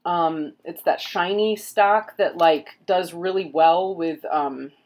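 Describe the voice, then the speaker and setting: A middle-aged woman with a fairly low voice talks casually at home as she flips through pages. She rambles, pauses on fillers and keeps a relaxed, chatty flow. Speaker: tarot reader and vlogger. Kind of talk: casual book flip-through. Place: home room with pets.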